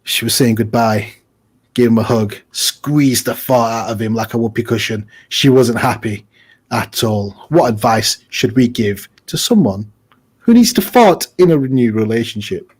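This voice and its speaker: A man's voice: medium pitch, a little slow, darkish tone, husky. A man co-hosting a casual advice podcast, joking and acting out little scenes as he talks. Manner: jokey, acts out little scenes. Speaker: podcast co-host.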